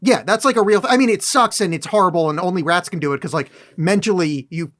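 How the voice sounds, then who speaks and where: A man with a notably high voice co-hosting a casual podcast, walking through a movie plot in a hesitant, rambling way. He stops to correct himself and to argue small points. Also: fast, a bit bright. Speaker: podcast co-host. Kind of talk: casual movie-recap chat.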